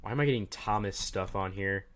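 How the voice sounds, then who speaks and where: A man with a fairly low voice hosts a casual livestream. He rambles from thought to thought, cracks jokes and talks directly to his chat. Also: fairly quick, a bit bright. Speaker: livestream host.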